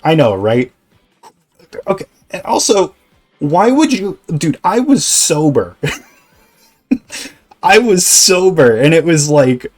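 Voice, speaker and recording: A male Twitch streamer chatting casually while gaming, rambling, animated, and swearing freely. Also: medium pitch.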